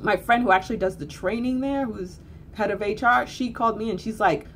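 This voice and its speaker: A woman speaking in a casual storytelling monologue. Her talk is blunt and earthy, with casual swearing, and she repeats phrases for emphasis. Her voice sits at a middle pitch, with a faint hum of noise behind it. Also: brisk, fairly bright tone. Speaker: spiritual teacher.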